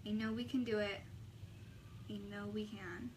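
A young woman vlogging a makeup tutorial, chatting casually with a sassy, animated way of telling stories. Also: medium pitch, measured pace, a little hiss or hum.

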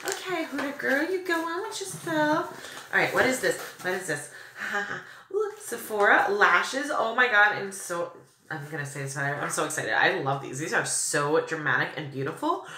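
A woman's voice: lowish voice, moderate pace, bright, forceful tone, roomy sound, a little hiss or hum. A young woman vlogging a makeup unboxing, gushing with breathless exclamations and valley-girl fillers. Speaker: beauty vlogger. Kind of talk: excited unboxing chat.

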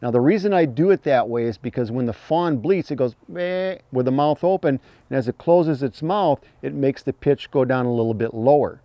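A man's voice: medium pitch, expressive, fairly quick, hardly any pauses, no echo. Folksy man teaching, dull dry sound. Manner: plain-spoken, folksy, imitates fawn cries mid-explanation. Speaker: hunting call instructor. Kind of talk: instructional talk.

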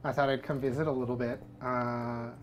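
A man chatting casually as a visiting guest in an easygoing, relaxed way. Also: mid-range voice, fairly quick, lo-fi sound, slight background noise. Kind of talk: casual chat.

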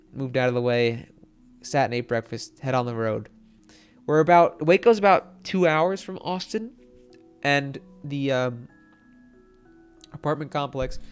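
A young man casually telling a long story as a streamer, rambling with lots of filler words and swearing. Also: mid-range voice.

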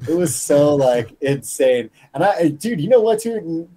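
Profane, animated man telling stories. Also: a little high, unhurried, hardly any pauses. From Colorado. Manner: profane, animated storyteller acting out quotes. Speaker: guest fighter. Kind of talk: casual podcast storytelling.

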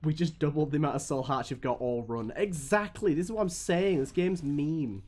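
A man giving live gameplay commentary as a streamer, swearing often and swinging between weary groans and excited yelps. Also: fairly high pitch, moderate pace, few pauses.

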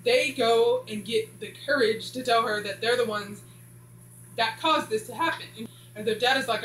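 A woman's voice: on the high side, moderate pace, a bit bright. A woman casually recapping a TV series, rambling and filling gaps with "blah blah.". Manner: rambling, says "blah blah" a lot. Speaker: show reviewer. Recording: echoey room with faint hum.

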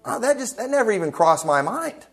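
A man's voice: high voice, very animated, fairly quick. A man preaching a sermon as pastor, emphatic and folksy, full of rhetorical questions, in a church. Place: church sanctuary.

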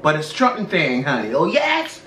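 A woman's voice: low voice, huge pitch swings, normal speed, fairly bright tone, distant mic, a little hiss or hum. A woman co-hosting a mukbang chat, talking in a sassy, drawling, teasing way. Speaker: co-host. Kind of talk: mukbang chat and quiz game. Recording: echoey room, off mic.

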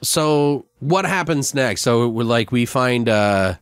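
A man's voice: medium pitch, lively intonation, slow, smooth, no echo. A man hosting a podcast, rambling and swearing casually as he brainstorms a story idea. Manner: rambling, profane, acts out characters. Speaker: podcast host. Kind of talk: casual improvised brainstorming chat.

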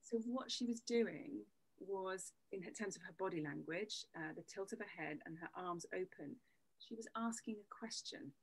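A woman speaks as a voice coach in an interview, her tone husky and a little breathy. She explains things patiently and backs her points with examples. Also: mid-range voice, normal speed, rough recording. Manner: explanatory, uses demonstrative examples. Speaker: voice coach guest. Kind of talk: conversational interview.

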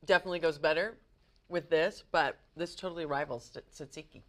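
A woman's voice: low voice, fairly even intonation, a little fast. Bubbly woman hosting a cooking show. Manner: bubbly, upbeat, laughs easily.

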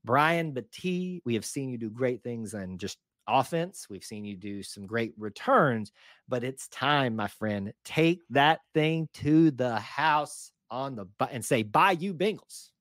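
A man's voice: mid-range voice, lively intonation, measured pace, a bit bright, no echo, clean studio sound. A man co-hosting a casual sports podcast, chatty and enthusiastic, with folksy exclamations. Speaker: podcast co-host.

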